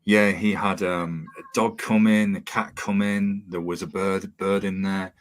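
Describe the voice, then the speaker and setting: Deep-voiced podcast host. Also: male voice, flat delivery, measured pace. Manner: chatty, laughing, storytelling. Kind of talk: casual interview chat.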